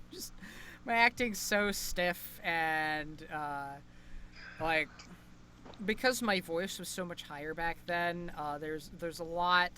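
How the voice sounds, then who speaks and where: Young male podcast co-host, bright and tense tone, hesitant chatter, faint hiss behind. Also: fairly high pitch. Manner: rambling, hesitant, many fillers and restarts. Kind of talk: casual chat.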